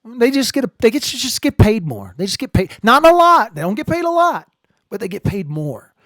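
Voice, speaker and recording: A man hosting a casual live stream, rambling and joking, swinging between low muttering and loud outbursts. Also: sing-song, normal speed, no room sound, clean studio sound. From Ireland.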